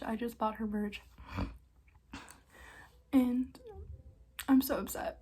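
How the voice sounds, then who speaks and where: A young woman vlogger telling stories in a casual, excitable way, with quick bursts and frequent laughs. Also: fairly high pitch, slightly rough. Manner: excitable, fast bursts, lots of likes and laughs. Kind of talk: casual storytime chat.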